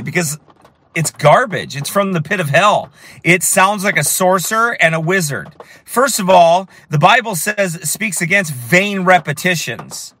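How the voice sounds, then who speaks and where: A man preaching with fire and emphasis as he tells a story, at times rising to shouts. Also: high voice. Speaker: street preacher. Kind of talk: preaching while telling a story.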